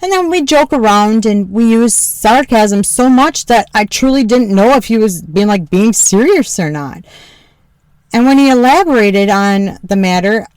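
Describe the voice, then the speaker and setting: A woman's voice: expressive, a little slow, darkish tone, smooth, no echo. A woman podcast host telling a candid personal story, frank and joking, swearing freely and laughing often. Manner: mimics her husband in a lower voice.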